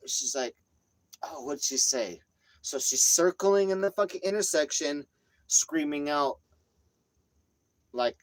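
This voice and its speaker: A man vlogging, telling a rambling story full of cursing and lively retelling. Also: mid-range voice, normal speed, no echo, low-quality recording. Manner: rambling, profane, animated retelling. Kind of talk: casual storytelling.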